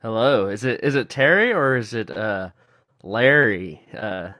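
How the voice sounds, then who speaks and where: Male podcast guest, lowish voice, unhurried dry quips, close dry mic. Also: expressive, pushed and bright, no echo. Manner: laid-back, dry short replies, chuckles. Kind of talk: casual podcast chat.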